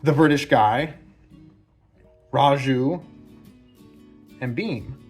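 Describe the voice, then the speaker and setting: A man's voice: mid-range voice, very slow, darkish tone, slightly rough, soft background music. Man, film commentary host, enthusiastic, rambling, repeats phrases, mid-range voice. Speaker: video essay host. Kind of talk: casual film analysis commentary.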